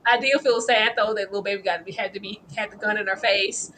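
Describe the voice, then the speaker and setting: A woman co-hosting a casual TV episode review, expressive and slangy, laughing as she talks to her chat. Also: medium pitch, fast, a little hiss or hum.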